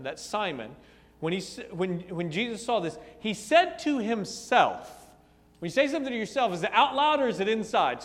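A man preaching a sermon, telling a story dramatically, dropping to a hush and rising to a booming voice, with repeated rhetorical questions. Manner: dramatic, swinging from hushed to booming. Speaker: pastor. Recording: long hall reverb.

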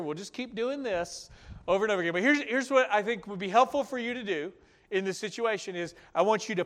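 A male pastor giving a sermon, acting out his listeners' objections and then dropping to a soft, earnest tone to reassure them. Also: sits high. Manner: animated, acts out listeners' objections in raised voices.

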